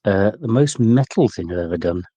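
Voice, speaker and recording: Deadpan English man, dry low voice. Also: a little fast, husky, dry recording. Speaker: podcast guest. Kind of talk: casual chat.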